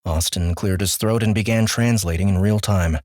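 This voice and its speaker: A male audiobook narrator with a low, darkish voice delivers scripted narration at normal speed. The sound is studio quality with no echo.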